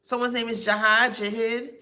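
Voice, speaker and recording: A woman's voice: on the high side, flat delivery, normal speed, sharp tone. A woman giving a psychic reading to camera, listing names and places she says she hears and spelling some of them out letter by letter. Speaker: psychic reader.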